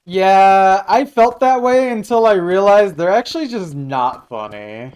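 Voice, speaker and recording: A man's voice: high-pitched, lively intonation, a little slow, a little mellow, smooth. A man streaming live, chatting casually and jokily while reacting to his chat. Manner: rambling, jokey, reacting to chat.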